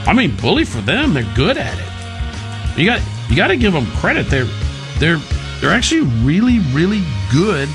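Sarcastic gravelly talk radio host. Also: male voice, sits high, huge pitch swings, normal speed, music in the background. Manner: sarcastic, mocking. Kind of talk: opinionated talk radio commentary.

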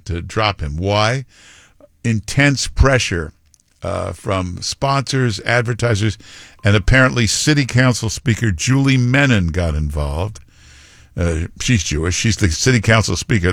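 A man's voice: fairly low pitch, dry recording, studio quality. A man hosting a talk radio show, giving blunt, scornful commentary in rambling asides.

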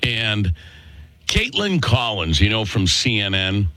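A man's voice: fairly low pitch, big pitch swings, takes it slowly, pushed and bright, no room sound. A male talk show host with a Worcester, Massachusetts accent, delivering a chatty, opinionated monologue and calling listeners folks.

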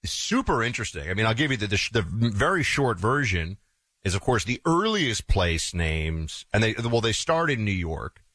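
Man from the northeastern US, talk show co-host, low voice, dry close sound, rambling animated anecdotes. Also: moderate pace, no room sound. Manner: digressive storytelling, animated asides. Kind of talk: casual conversational chat.

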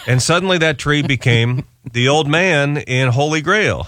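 A man's voice: measured pace, hardly any pauses, no echo, clean studio sound. A man hosting a radio show, telling a story in casual chat and acting out other people's voices. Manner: animated storyteller, acts out squeaky voices. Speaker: radio host.

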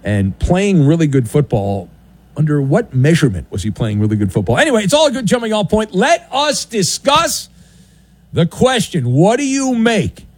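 Sardonic sports radio host, lively pitch. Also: male voice, fairly quick, husky, no room sound. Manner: theatrical, sardonic, swooping announcer delivery. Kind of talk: sports talk radio monologue. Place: radio studio. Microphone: studio broadcast mic.

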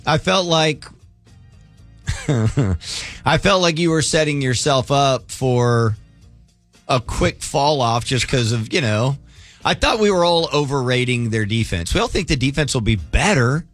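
A man co-hosting a morning radio show, chatting casually and giving relaxed opinions on sports. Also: on the high side. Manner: laid-back, opinionated sports talk. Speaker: radio co-host. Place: radio studio.

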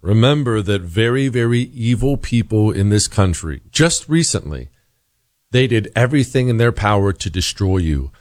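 A man's voice: fairly low pitch, lively intonation, moderate pace, a little mellow, no echo, clean studio sound. A man hosting a talk radio show, delivering an emphatic monologue full of rhetorical questions.

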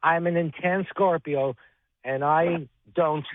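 A man calling into a sports radio show, chatting and telling deadpan jokes. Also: a little high, takes it slowly, no room sound. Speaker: caller. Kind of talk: call-in radio chat. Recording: tinny phone line.

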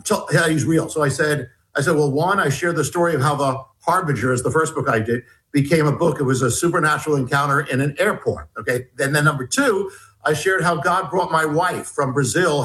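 A male guest recounts an experience in an interview, his voice sitting somewhat high for a man. He talks haltingly, with many false starts and repeated words, acting out the lines of the people in his story. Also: a bit bright, rough recording. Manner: halting, restarts often, quotes dialogue. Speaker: guest, author. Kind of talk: animated storytelling.

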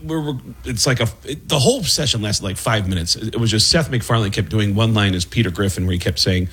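A comedian from the Bronx, a man telling animated stories as a guest in a casual interview, slipping into voices along the way. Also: on the low side, a little fast, hardly any pauses, breathy edge. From the Bronx, New York. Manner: animated, breaks into impressions and laughter.

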